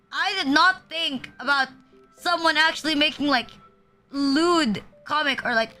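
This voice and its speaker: A young woman VTuber streams from home, chatting casually in a crude, rambling style packed with fillers and frequent laughter. Her voice is high-pitched with a sharp tone.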